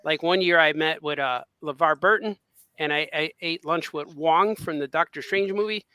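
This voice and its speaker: A man's voice: on the high side, normal speed, sharp tone, smooth, no room sound. A man co-hosting a podcast, telling an anecdote in a casual chat and acting out the quotes. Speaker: podcast co-host.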